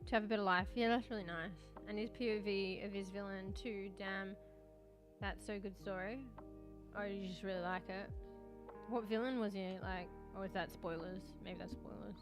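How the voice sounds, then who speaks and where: A woman streaming live, chatting casually with viewers while eating, swearing often. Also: medium pitch. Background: faint music.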